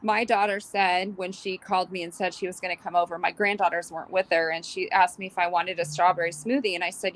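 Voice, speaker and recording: A woman's voice: fairly low pitch, fast talker, few pauses, slight background noise, poor audio. A woman in her fifties with grown children and grandchildren, chatting casually as co-host and reading out viewer comments. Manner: relaxed and agreeable, quoting viewers.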